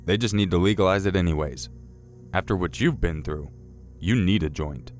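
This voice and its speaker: A man voicing an easygoing, unbothered male cop with a low voice, retold in a streamer's own manner. The officer shrugs things off in a relaxed, casual tone. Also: moderate pace, soft background music, natural voice. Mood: laid-back.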